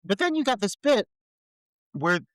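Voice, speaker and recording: A man's voice: high-pitched, big pitch swings, unhurried, a bit bright, dry recording. A man co-hosting a podcast, chatting casually and profanely about a film with wry humor. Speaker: podcast co-host. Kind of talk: casual film review chat.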